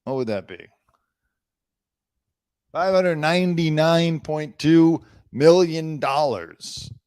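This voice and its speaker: A man's voice: a little high, lively intonation, slow, a little mellow, clear, resonant tone, no room sound, clean studio sound. A man hosting an entertainment news show, reading headlines aloud and breaking off into sarcastic, rambling riffs. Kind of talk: casual news commentary.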